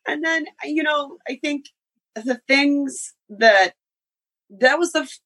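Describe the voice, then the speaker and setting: A woman's voice: sits high, slow pace, a bit bright. A woman co-hosting a podcast, telling a story bluntly and animatedly, swearing freely. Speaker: podcast co-host. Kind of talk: casual storytelling.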